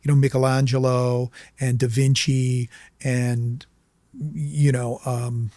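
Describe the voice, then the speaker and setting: A man's voice: mid-range voice, takes it slowly, no echo. A man telling an anecdote in casual talk as an interview guest, acting out the people in it. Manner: animated, acts out voices in anecdotes. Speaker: documentary filmmaker guest. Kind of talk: casual storytelling.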